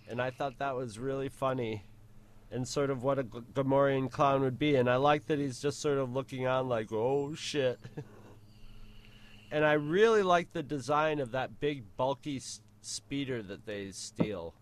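Man, podcast co-host, casual chat, rambling, joking, mid-pitched. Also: measured pace. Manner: rambling, joking, restarts and playful voices.

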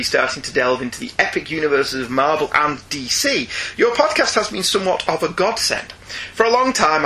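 A man hosting a podcast with a high, bright voice that swings widely in pitch. He reads listener emails in a relaxed, chatty way and teases his co-host with frequent laughter. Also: low-quality recording. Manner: jokey, laughs often, teasing. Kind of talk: casual chat reading listener emails.

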